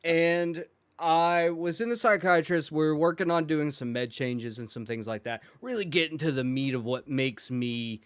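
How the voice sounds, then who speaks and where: A man's voice: a little high, normal speed, clear, resonant tone, dry recording, studio quality. A male podcast host telling a comic story, acting out the quoted dialogue. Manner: animated, acts out quoted dialogue. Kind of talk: comedic storytelling.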